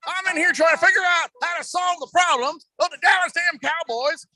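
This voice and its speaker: A man doing an impression of a blustery old male football team owner, rambling, boastful and shouting. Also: extremely high pitch, big pitch swings, brisk, voice pushed up, exaggerated voice. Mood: ranting.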